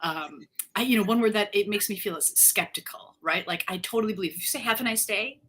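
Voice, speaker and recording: A woman's voice: mid-range voice, quick pace, fairly bright tone, husky. A woman co-hosting a casual live-stream chat, upbeat and laughing often, full of "like" and "right". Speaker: co-host.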